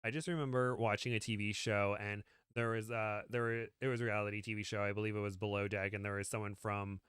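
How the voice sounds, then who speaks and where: A man's voice: fairly low pitch, little pitch movement, fast talker, a bit bright, clear, resonant tone, no room sound. A man co-hosting a casual podcast, chatting and reading a story aloud with playful, self-deprecating asides and frequent laughter. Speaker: podcast co-host.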